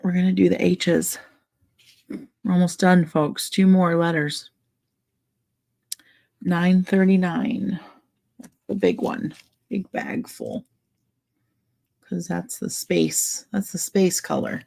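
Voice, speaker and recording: A woman's voice: on the low side, level tone, slow, gravelly, long pauses, mellow. A woman hosting a casual craft livestream, chatting in a rambling way and laughing often. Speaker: livestream host.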